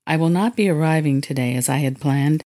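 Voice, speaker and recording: A man's voice: fairly high pitch, fairly quick, darkish tone, lightly acted. Woman reading as a courteous apologetic businessman. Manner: formal, courteous. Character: polite apologetic male business buyer.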